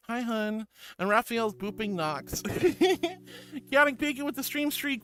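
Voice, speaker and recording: A woman's voice: on the high side, lively intonation, unhurried, a bit bright. A woman streaming and reading her chat aloud, bubbly and sweet, calling viewers sweetie. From Florida. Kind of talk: casual chat. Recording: music playing behind.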